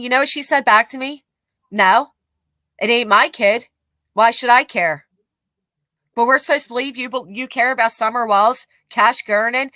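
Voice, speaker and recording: A woman's voice: fairly high pitch, sharp tone, dry recording. A woman hosting a livestream, commenting bluntly and angrily with profanity while reading out chat messages. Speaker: commentary channel host.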